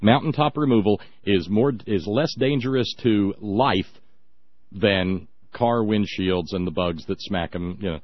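A man's voice: low voice, no room sound. A man giving scornful, sarcastic, rambling radio commentary. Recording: dry, dull lo-fi audio.

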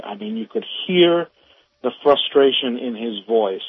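Heated caller on a tinny phone line. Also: male voice, mid-range voice, breathy edge, no room sound. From northern United States. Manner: halting, many restarts, heated. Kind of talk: call-in radio comment.

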